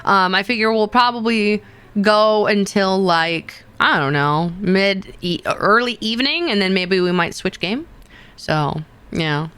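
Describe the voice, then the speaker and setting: A woman's voice: mid-range voice, a little slow, fairly bright tone, smooth. A woman streamer casually chatting with her viewers in a playful, rambling way, often laughing and repeating herself. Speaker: VTuber streamer.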